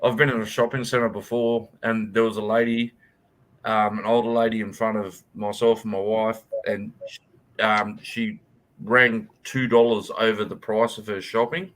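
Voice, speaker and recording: A man in casual chat, earnest and quick to agree, who swears offhandedly while telling his own story. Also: fairly low pitch, level tone, a bit bright.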